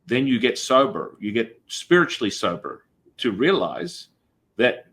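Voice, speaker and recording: A man's voice: medium pitch, big pitch swings, a little slow, fairly bright tone, husky. Reflective man hosting a spiritual talk. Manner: meandering, reflective, restarts. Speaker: podcast host. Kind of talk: spiritual conversation.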